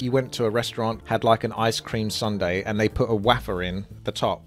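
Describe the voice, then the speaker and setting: A man's voice: lowish voice, steady tone, brisk, a bit bright, faint music behind. A man with an Essex accent tasting sweets and chatting casually and enthusiastically, with frequent laughs. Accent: Essex English. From Essex, England.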